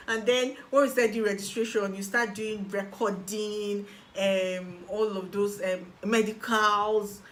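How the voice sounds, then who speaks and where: Animated Nigerian woman telling her story. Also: mid-range voice, slow pace, hardly any pauses, a little hiss or hum. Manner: animated storyteller who acts out quoted voices. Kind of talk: personal testimony.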